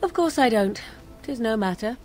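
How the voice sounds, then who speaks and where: A woman's voice: fairly high pitch, lively intonation, normal speed, darkish tone, faint music behind, natural voice. An actress voicing a young, aloof, sardonic witch in a video game, speaking in a cool, archaic, mocking way. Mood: cool wry. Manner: archaic cool speech, wry amusement.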